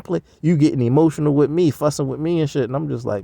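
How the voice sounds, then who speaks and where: A man's voice: fairly high pitch, fast talker, creaky, warm tone, dry recording. A man rambling in a profane, slangy casual monologue. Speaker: vlogger.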